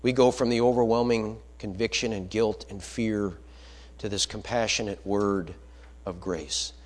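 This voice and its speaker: Male preacher, sermon, emphatic, loud peaks and quiet asides, mains hum. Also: fairly low pitch, steady tone, unhurried.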